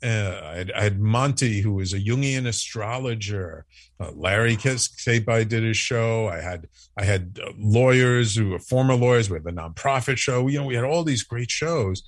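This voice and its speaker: A man telling a story in a casual interview, acting out the quoted lines with lively, animated delivery. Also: fairly low pitch, normal speed, no echo. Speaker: podcast network founder, guest.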